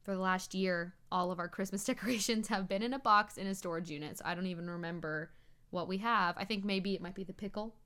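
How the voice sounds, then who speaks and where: A woman hosting a podcast, chatting excitedly with her spouse. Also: medium pitch, fast, clean tone. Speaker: podcast host. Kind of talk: casual chat.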